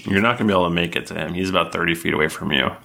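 A man running a tabletop game in a very low, gravelly voice. He explains distances and rules plainly and checks with the players as he goes. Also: very fast, bright, forceful tone. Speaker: game master.

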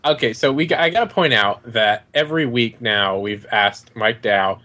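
A man co-hosting a casual podcast, joking through a TV recap with halting restarts. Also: mid-range voice, sharp tone. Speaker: podcast co-host.

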